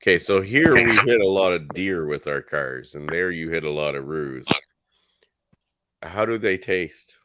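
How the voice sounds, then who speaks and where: Male co-host, very low voice, curious and direct, faint noise behind. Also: expressive, measured pace, a bit bright. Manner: curious, asks direct questions. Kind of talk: casual video-call interview.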